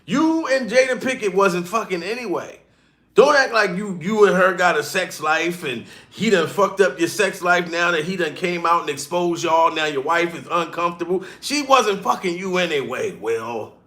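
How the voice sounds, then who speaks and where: A man's voice: sits high, animated, moderate pace, fairly bright tone. A comedian streamer ranting profanely and mockingly on a live stream, calling out to chat as he goes. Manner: profane, heated, mocking rant.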